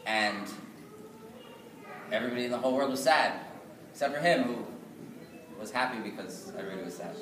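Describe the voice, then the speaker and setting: A male storyteller telling a folk tale aloud at a live synagogue gathering, lively and rhythmic with repeated phrases. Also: medium pitch, brisk, long pauses. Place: synagogue event. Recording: echoey hall from far off, noisy.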